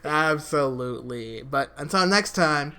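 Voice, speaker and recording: A man's voice: fairly high pitch, expressive, bright, forceful tone. A young man co-hosting a casual esports podcast, candid and swearing freely. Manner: candid, swears freely, fast show sign-off. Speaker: podcast co-host.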